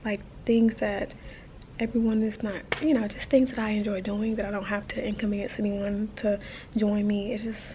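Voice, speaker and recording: A woman's voice: medium pitch, little pitch movement, moderate pace, lo-fi sound, background noise. A woman of thirty talking to camera in a hotel in the desert, chatty and emotional, with lots of fillers. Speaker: travel vlogger. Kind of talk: casual vlog talk to camera.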